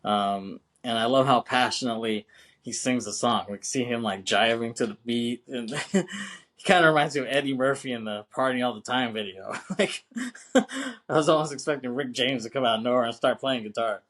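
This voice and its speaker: Laid-back podcast host, laughing and swearing. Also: male voice, mid-range voice, lively intonation, moderate pace, a bit bright. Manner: laid-back and chatty, laughs often, swears, keeps saying "you know what I'm saying". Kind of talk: casual film podcast chat.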